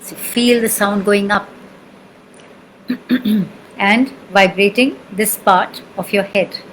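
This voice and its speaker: A woman's voice: mid-range voice, steady tone, takes it slowly, a bit bright, slight background noise, rough recording. A woman with an Indian accent teaching sound healing, patiently repeating syllables and checking that the listener follows. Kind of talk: spoken lesson with chanting demonstrations.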